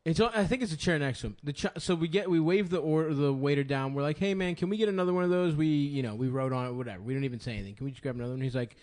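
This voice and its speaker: A man's voice: medium pitch, very fast, hardly any pauses. A man co-hosting a live comedy podcast, telling a crude story with lots of swearing, laughter and restarts. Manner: profane, animated, laughing, restarts often. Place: live show in front of an audience.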